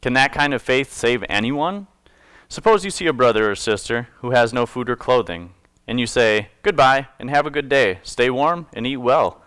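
Here a pastor talks to his flock at a moderate pace, his medium-pitched voice a bit bright and clean, with no echo. He reads scripture and explains it casually, cracking jokes and fixing his own wording along the way.

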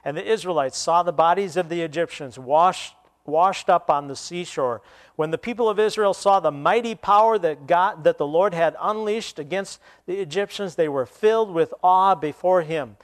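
A man preaching a sermon, retelling scripture and then explaining it with pauses and restarts. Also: sits high.

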